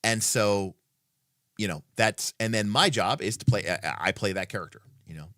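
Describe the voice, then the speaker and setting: A man's voice: on the low side, normal speed, fairly bright tone, no room sound, studio quality. A man hosting a casual livestream who thinks aloud, with many fillers and restarts, in an emphatic, opinionated way. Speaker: livestream host.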